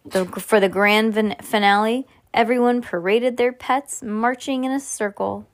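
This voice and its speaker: A woman reading a children's storybook aloud at home, expressive and lively with casual chatty asides to a child. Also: fairly high pitch, a little slow.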